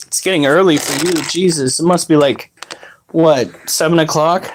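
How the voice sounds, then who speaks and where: A man's voice: on the high side, normal speed. A young man chatting casually on a live stream, rambling and explaining how to care for his exotic pets.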